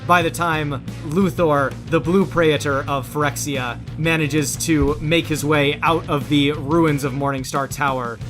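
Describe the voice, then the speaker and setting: Guy gm narrating a superhero rpg, slightly high voice, faint music behind. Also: steady tone, measured pace, few pauses. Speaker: game master. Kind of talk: narrating a tabletop game.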